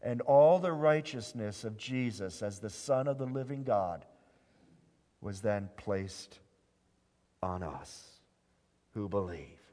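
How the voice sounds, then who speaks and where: Slow, deliberate preacher in a reverberant hall. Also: male voice, expressive. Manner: wide swings from hushed low lines to loud emphatic ones; slow, deliberate delivery with drawn-out scripture quotes. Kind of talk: sermon.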